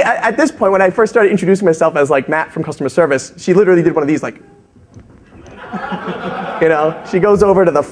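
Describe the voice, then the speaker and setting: Rambling man telling a story on stage. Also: on the high side. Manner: rambling, goes off on tangents. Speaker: conference co-presenter. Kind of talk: anecdotal storytelling. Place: conference stage.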